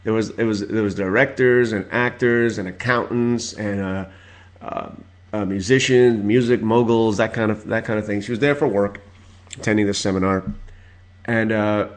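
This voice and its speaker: A man in his forties hosting his own podcast, telling stories in a rambling casual rant full of filler words and loud exasperated outbursts. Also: fairly low pitch, fairly even intonation, moderate pace. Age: 40s. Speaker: podcast host.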